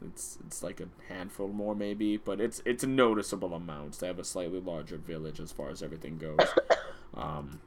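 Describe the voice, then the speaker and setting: A man's voice: low voice, fairly even intonation, brisk, slight background noise. A young man narrating as dungeon master, hesitant, with many fillers and restarts. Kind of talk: narrating a tabletop game.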